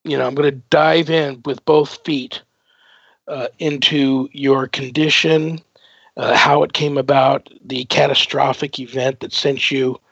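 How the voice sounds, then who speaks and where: A man's voice: mid-range voice, little pitch movement, a little slow, creaky, a bit bright, breathy edge, no room sound. A man hosting a radio talk show, chatting casually and rambling with many fillers. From United States. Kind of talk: casual radio interview chat. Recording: dull dry lo-fi broadcast audio.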